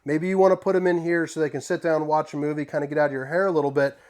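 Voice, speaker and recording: A man hosting a casual walkthrough tour inside an RV, talking in a folksy, joking way with relaxed slang. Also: a little high, very fast. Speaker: RV tour host.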